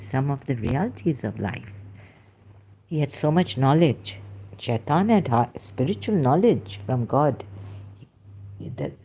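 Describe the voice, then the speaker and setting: A woman giving halting, emotional religious commentary, searching aloud for verses and near tears at times. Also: sits low, dark tone. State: close to tears.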